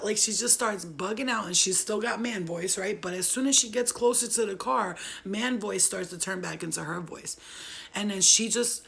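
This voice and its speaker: A woman's voice: mid-range voice, moderate pace, vocal fry, fairly bright tone. A young woman casually telling viewers a ghost story, rambling, swearing and laughing often.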